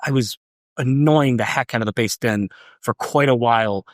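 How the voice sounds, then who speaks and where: A young man from New Hampshire, a podcast guest, telling a personal story in a casual, halting way, repeating words and saying um often. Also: medium pitch, dry recording, studio quality. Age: young adult.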